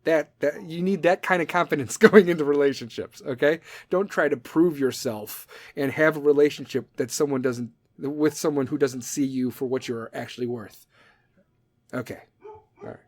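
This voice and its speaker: A man's voice: on the high side, normal speed. A man in his thirties hosting a podcast, talking in a blunt, profane, rambling monologue that drifts off on tangents. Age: 30s. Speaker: podcast host.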